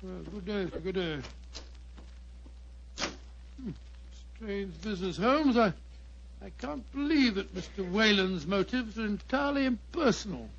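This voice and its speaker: Doctor Watson, gravelly and high. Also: male voice, expressive, measured pace, pauses often, exaggerated voice. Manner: exclaiming, fussy. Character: bluff hearty male doctor companion. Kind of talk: vintage radio drama acting. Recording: dull lo-fi old radio recording.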